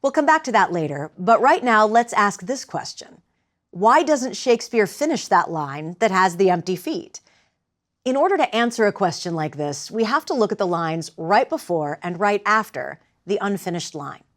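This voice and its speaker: Woman, instructor, mid-pitched voice, patient clear lecture, guides actors. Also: big pitch swings, moderate pace. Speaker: theater instructor. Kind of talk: lecture with live demonstration.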